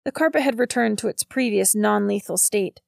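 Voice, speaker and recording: A woman reads a novel aloud at a steady, measured pace. Her voice has a gravelly, creaky grain. The recording is close and dry, with no room sound. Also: medium pitch, dry recording. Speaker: narrator. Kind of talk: audiobook narration.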